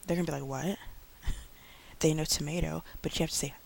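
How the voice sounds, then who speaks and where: A woman in her thirties talks through teaching tips in a relaxed, rambling way, full of ums and slow, deliberate demonstrations. Her voice has a gravelly, fried edge. A faint hiss sits under the recording. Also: sits low. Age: 30s. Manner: chatty, many fillers, slows to model speech for kids. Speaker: online English teacher. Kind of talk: casual tips vlog.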